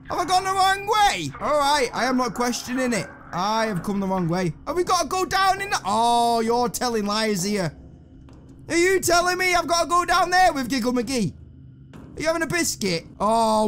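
A man's voice: sits high, fairly bright tone, a little hiss or hum. Jumpy, swearing man gaming. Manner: jumpy, swearing, sarcastic running commentary. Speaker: gaming channel host. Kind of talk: let's play horror game commentary.

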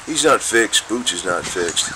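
Outdoors by some steps, a male vlogger with a fairly low voice talks casually at a measured pace with lively intonation as he films cats on a handheld camera. He chuckles between remarks and goes high and coaxing when speaking to the cats, while birds and traffic fill the noisy background.

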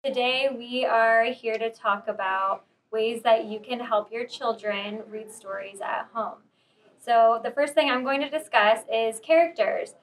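A woman teacher explaining to parents how to talk about characters, in a measured, instructive way. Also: a little high, steady tone. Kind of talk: explaining reading tips to parents. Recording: distant mic.

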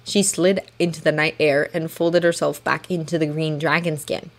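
A woman reading a fanfiction story aloud in steady storytelling narration. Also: low voice, moderate pace. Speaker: fanfiction reader. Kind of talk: audiobook narration.

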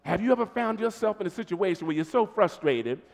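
A man's voice: high voice, brisk, gravelly. A man with an American accent preaching a sermon as pastor, calling out to his congregation. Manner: animated preaching, calls to congregation. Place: church sanctuary. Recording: long church reverb.

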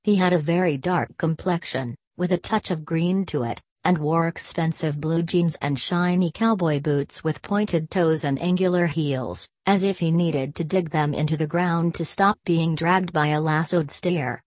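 Low-voiced woman reading a story. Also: unhurried, few pauses, a little mellow, no echo. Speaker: audiobook narrator. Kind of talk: scripted first-person narration.

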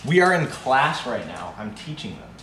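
A man's voice: medium pitch, moderate pace, roomy sound, distant mic, slight background noise. A young man chatting and joking goofily on a casual live stream from his house. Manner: goofy, joking, excitable.

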